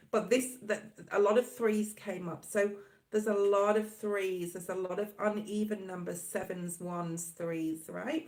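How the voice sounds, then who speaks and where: A woman's voice: medium pitch, poor audio. A woman giving a casual tarot reading to camera, rambling and reassuring, checking in often with the viewer. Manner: rambling, reassuring, filler-heavy with frequent "okay?". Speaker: tarot reader.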